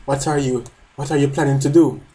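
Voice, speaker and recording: A man reading the lines of a shaken, panicked young soldier from a manga, asking rushed, agitated questions. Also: medium pitch, steady tone, mellow, a little hiss or hum, close to an everyday voice.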